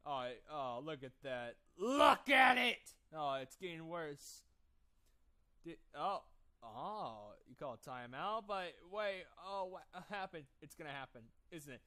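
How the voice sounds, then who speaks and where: A man's voice: on the high side, animated, measured pace, a bit bright, smooth. A man doing a gleeful voice-over about sports, gloating and sarcastic. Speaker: YouTube commentator.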